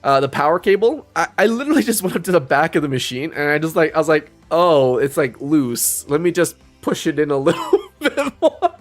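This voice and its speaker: Lively rambling young man telling a story. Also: on the high side, a little fast, few pauses, faint music behind. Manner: rambling, self-interrupting, laughs often. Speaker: live streamer. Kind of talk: casual storytelling.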